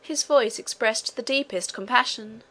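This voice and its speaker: A woman reading first-person literary narration for an audiobook in a measured, earnest way. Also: a little high, a bit bright. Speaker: audiobook reader.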